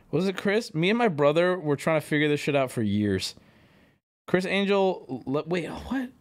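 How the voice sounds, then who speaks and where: A man hosting a live stream, reacting loudly to clips, swearing and laughing often as he talks to his chat. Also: a little high. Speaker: streamer host.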